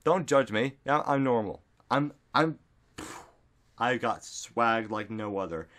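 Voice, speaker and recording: A man talking straight into a desktop microphone at home, his voice sitting in an everyday middle register. He rambles in a goofy, meandering way, piling up fillers and breaking into silly shouts. It sounds like a loose, casual solo vlog. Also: medium pitch, slow pace. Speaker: vlogger. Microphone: desktop studio microphone.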